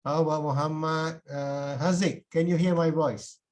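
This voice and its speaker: A male university lecturer with a Malaysian English accent, teaching a class online over a video call. His voice sits somewhat high for a man. He talks in plain, informal English and keeps adding a questioning "eh?" to his sentences. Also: level tone, normal speed. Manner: repeated checks with a tag "eh?", plain informal phrasing.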